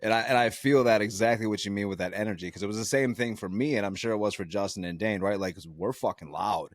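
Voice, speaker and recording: A man's voice: lowish voice, quick pace, no room sound. A man co-hosting a podcast in casual, profane talk, often checking in with 'right?'. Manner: profane, loud, says 'right?' a lot. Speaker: podcast co-host.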